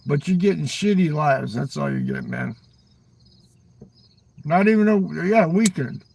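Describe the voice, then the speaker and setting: A man's voice: fairly high pitch, animated, measured pace, creaky, a little mellow, slight background noise. An older man rambling on a live stream, swearing constantly, ending his lines with "man" and talking back to chat viewers. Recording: voice a little far from the mic.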